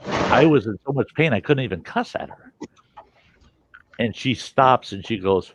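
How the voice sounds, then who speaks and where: A man casually telling a story in a profane, animated way and acting out the people in it. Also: medium pitch, unhurried, pauses often, slightly rough, muffled recording.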